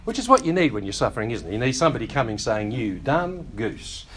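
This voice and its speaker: A male pastor preaching a sermon, teaching in a conversational way with wry asides and quick acted-out quotes of other people. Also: mid-range voice, big pitch swings, a bit bright, slight background noise.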